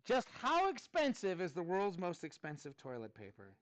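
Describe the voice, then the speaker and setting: A man in his thirties leads a classroom math lesson, his pitch riding high and swinging widely as he jokes with students. The sound is dry and close, with little room echo. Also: moderate pace. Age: 30s. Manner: animated, playful, chatty with students. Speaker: math teacher.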